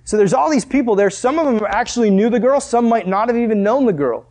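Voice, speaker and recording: A man preaching a relaxed, conversational sermon in a high, light voice. He tells the story with animated energy and keeps turning straight to his listeners to hold their attention. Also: fast.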